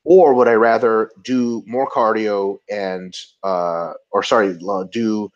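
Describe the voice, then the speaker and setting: A man's voice: fairly low pitch, fairly even intonation, slow pace, dull audio. A man co-hosting a webinar, explaining training and diet in a loose, conversational way with fillers and restarts. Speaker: co-host.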